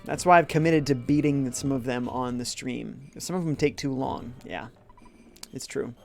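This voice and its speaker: A man's voice: mid-range voice, normal speed, vocal fry, faint music behind. A man live-streaming a retro game, chatting casually, reading viewer comments aloud and joking along. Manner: upbeat, reads chat comments aloud and jokes.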